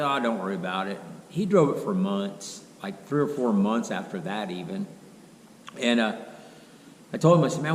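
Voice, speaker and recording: A middle-aged man, telling a long rambling story in a casual, folksy way and quoting what others said. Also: fairly low pitch. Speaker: car restoration vlogger. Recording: roomy echo, faint background hum.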